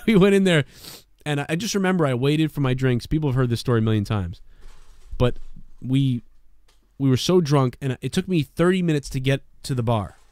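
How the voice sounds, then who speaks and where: A man's voice: medium pitch, normal speed, dry recording. Guy, podcast co-host, casual profane storyteller, dry close recording. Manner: rambling, profane, animated storytelling.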